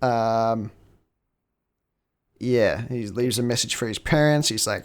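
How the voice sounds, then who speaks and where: A man's voice: medium pitch, takes it slowly, long pauses, clear, resonant tone. A man co-hosting a podcast, casually recapping a film with lots of swearing. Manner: profane, animated retelling. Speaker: podcast co-host.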